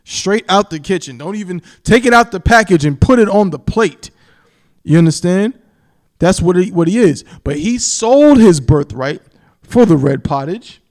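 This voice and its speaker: A man teaching from the Bible on a live stream, emphatic, repeating "you understand?" and slowing down to stress key words and scripture. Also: high voice, animated, a little mellow. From New York. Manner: reads scripture in a slow, solemn cadence.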